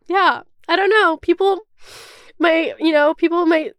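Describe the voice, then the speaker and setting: Recorded with no room sound, this podcast host in her twenties has a very high, slightly bright voice, a steady tone, and a somewhat slow pace. She chats candidly and emotionally, rambling, saying "like" constantly and swearing casually.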